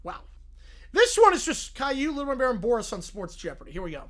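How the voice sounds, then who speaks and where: A man's voice: very high-pitched, wildly swooping pitch, quick pace, fairly bright tone. Laid-back male streamer chatting. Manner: laid-back, laughing, mumbled asides. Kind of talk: casual live-stream reaction chat.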